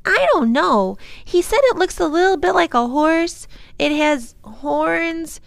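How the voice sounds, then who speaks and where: A woman reading aloud, voicing an excitable, curious little girl with eager questions. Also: sits high, slow, vocal fry, dry recording, clean studio sound, pitched above the performer's own voice, heavily acted.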